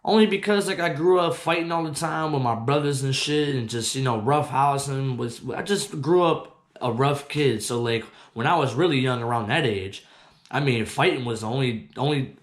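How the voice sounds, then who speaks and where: A young man hosting his own show, telling a story from his childhood in casual, profane, animated talk that gets loud when he quotes himself. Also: medium pitch, fairly quick, roomy sound. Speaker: host.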